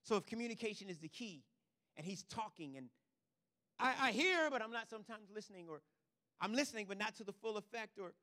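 A male pastor preaching a sermon, swinging from quiet asides to loud, emphatic declarations and checking in with the congregation. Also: high voice, expressive, fairly quick, long reverb tail.

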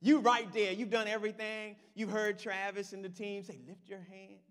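A man preaching a sermon in church, animated and talking directly to the congregation. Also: high voice, moderate pace, in a large hall. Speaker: pastor.

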